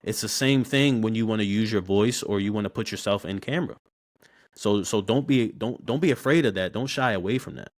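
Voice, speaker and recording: Animated young man. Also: lowish voice, brisk. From Baltimore, USA. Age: 20s. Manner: animated, slangy, repeats words when starting sentences. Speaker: podcast guest, barber. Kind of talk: casual interview storytelling.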